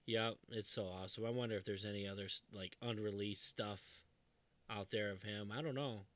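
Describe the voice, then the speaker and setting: A man co-hosting a casual podcast, relaxed and agreeable, often answering with short replies. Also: fairly low pitch, fairly quick, no room sound. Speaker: podcast co-host. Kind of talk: casual chat.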